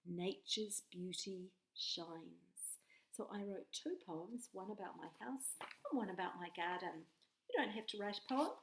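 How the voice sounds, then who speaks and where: A woman teacher, leading a patient, clearly spoken lesson for young children with sing-song bursts. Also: mid-range voice, animated, unhurried. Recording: echoey room.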